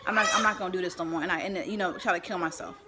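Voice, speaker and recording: A woman's voice: fairly low pitch, steady tone, very fast, very noisy. Irritated woman venting at home. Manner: rambling, irritated and emotional, with restarts. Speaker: vlogger. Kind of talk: live-stream venting to viewers. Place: home, with children nearby. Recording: kids chattering in the background. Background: children's voices.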